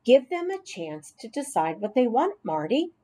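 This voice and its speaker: A woman's voice: a little high, big pitch swings, normal speed. A woman voicing a patient, firm grown man who coaxes a child in a read-aloud story. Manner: coaxing, gently firm.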